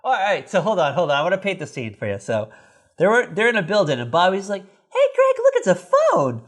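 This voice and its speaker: A man's voice: very animated, fast talker, a bit bright. A man co-hosting a podcast, casually recapping an old sitcom episode in a rambling, profane way. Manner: rambling, profane, acts out characters in high voices. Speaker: podcast co-host.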